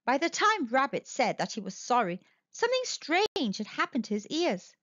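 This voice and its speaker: High, sing-song woman reading a kids' story. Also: sing-song, moderate pace, a bit bright, no echo, lo-fi sound. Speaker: storytime host. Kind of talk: children's read-aloud.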